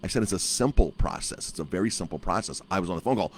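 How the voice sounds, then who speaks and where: A man with a deep, low-pitched voice talks casually to camera. He tells an exasperated story from his restaurant and acts out his own lines and the officials' replies as he goes. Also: lively intonation, quick pace, breathy edge. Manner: frustrated storytelling, acts out both sides of conversations. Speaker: chef and restaurant owner.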